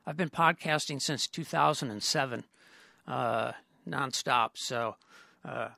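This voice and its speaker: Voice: medium pitch, measured pace, creaky, bright, forceful tone, no room sound. A podcast host chatting casually with a guest, stammering through many restarts. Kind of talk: casual interview talk.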